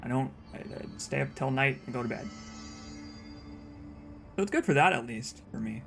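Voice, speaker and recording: A young man talks his way through casual let's play commentary in a mid-pitched voice, often restarting with repeated words. Faint game music plays softly behind him. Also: lively intonation, moderate pace, vocal fry. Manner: rambling, self-interrupting with repeated words.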